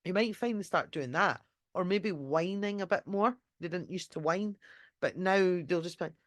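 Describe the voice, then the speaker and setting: A woman's voice: on the low side, moderate pace, dry recording. Chatty woman, dry close sound. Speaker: dog trainer. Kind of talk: casual live online talk. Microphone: computer mic during a screen-shared session.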